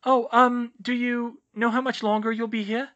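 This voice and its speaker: A man's voice: very high voice, little pitch movement, normal speed, a bit bright, dull audio, voice pushed up. A man voicing a nervous, earnest teenage girl in an audiobook reading.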